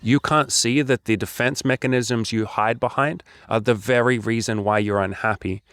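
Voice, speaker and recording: A man's voice: medium pitch, fairly even intonation, moderate pace, a bit bright, no room sound, studio quality. A man talking as a life coach, blunt, profane and preachy as he lectures his viewers. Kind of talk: direct-to-camera coaching talk.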